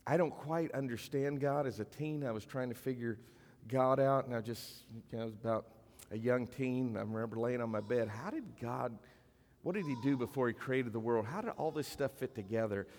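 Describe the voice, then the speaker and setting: A man preaching a sermon as a pastor, in a conversational style, slowing down for emphasis and sometimes dropping almost to a whisper. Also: medium pitch, darkish tone. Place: church sanctuary. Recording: long reverb of a church hall.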